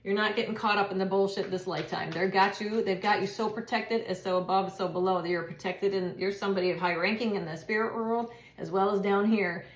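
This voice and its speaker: A woman's voice: medium pitch, steady tone, a little fast, few pauses, reverberant. A woman doing a casual tarot reading, chatty and repeating herself, with laughs and swearing. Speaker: tarot reader.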